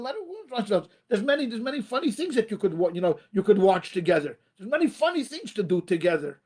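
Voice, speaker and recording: A rabbi, male and with a voice that sits high, offers an emphatic motivational speech on marriage. He leans on repetition and addresses his listeners as ladies and gentlemen.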